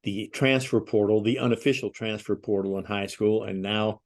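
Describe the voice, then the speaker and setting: A man's voice: on the low side, fairly even intonation, normal speed. A man hosting a podcast, talking casually and setting up his questions at length. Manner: conversational, leads with long setups to questions. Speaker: podcast host. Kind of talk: casual interview conversation.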